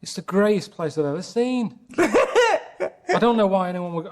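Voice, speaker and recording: A man chatting casually in a deadpan, rambling way, moaning about his travels. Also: high voice, measured pace. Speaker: guest on a comedy travel show. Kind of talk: casual comedic chat.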